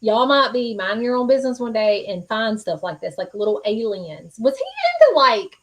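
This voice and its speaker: A woman hosts a live-stream psychic reading, earnest and reassuring, talking in a folksy way full of fillers. Her voice is on the high side, expressive and brisk, and the recording is rough.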